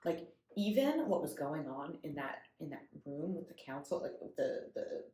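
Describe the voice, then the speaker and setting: A young woman co-hosting a podcast, excitable in casual book chat and acting out the quotes she tells. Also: low voice, normal speed, reverberant. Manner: animated and excitable, acts out quotes. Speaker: podcast co-host.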